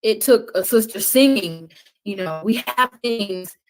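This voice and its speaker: A middle-aged woman talking passionately as a podcast guest, preachy and swinging between loud outbursts and hushed words. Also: mid-range voice, a little slow.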